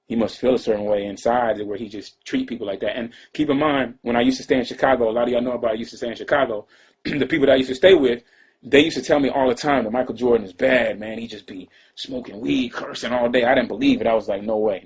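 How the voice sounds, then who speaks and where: Fast-talking laid-back man, husky. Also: mid-range voice. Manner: laid-back, rambling, slangy, trails off into quiet asides. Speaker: rapper telling a personal story. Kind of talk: casual storytelling to camera. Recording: dull lo-fi sound.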